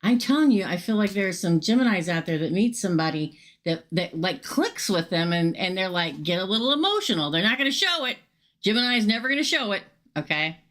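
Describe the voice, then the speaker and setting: A woman's voice: mid-range voice, sing-song, fairly quick, fairly bright tone. A middle-aged woman casually reading tarot cards on a livestream, chatty and upfront, talking straight to her viewers. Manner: chatty, upfront, talks straight to viewers and reads chat aloud. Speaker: tarot reader hosting a livestream.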